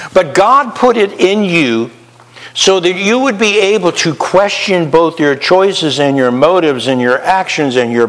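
Slow-preaching man in a reverberant hall. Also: a little high. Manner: slow, rhetorical questions, acts out the inner voice. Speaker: pastor. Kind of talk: sermon.

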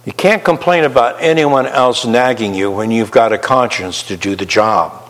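A pastor preaches slowly in a large hall, posing rhetorical questions to his listeners and acting out the voice of conscience. His voice is mid-range and fairly bright.

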